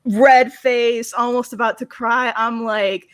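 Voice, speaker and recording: A young woman from South Florida in a casual panel discussion, telling lively stories and acting out quoted exchanges. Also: fairly high pitch, takes it slowly. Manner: animated storyteller, acts out quoted exchanges.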